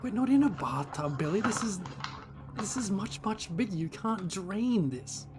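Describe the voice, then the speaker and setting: A man's voice: sits high, lively intonation, normal speed, background noise. A man playing a tabletop game in character, skeptical and questioning. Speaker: player.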